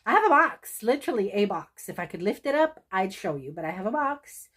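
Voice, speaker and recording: A woman's voice: medium pitch, very animated, a little fast. A woman vlogger talking casually to camera, candid, emotional and self-deprecating, addressing her viewers directly. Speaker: thrift haul vlogger. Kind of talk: casual confessional chat to camera.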